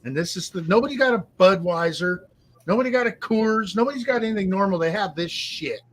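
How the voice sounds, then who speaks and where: A man's voice: high-pitched, a little fast. A man telling folksy, joking stories in casual chat with friends in a garage. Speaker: host of garage hangout. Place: home garage.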